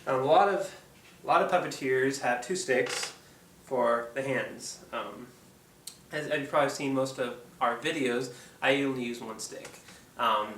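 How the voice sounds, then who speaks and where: This puppeteer and channel host from Oregon, USA, gives a loose how-to lesson full of hesitation and ums. His voice is middle-pitched and a touch bright, captured by a far-off mic in a reverberant room over a faint background hum.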